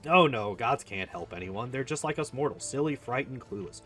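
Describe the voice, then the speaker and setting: A man reading aloud as an earnest young female healer in a video game, speaking softly and pleadingly. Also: medium pitch, animated, normal speed, faint music behind, close to an everyday voice.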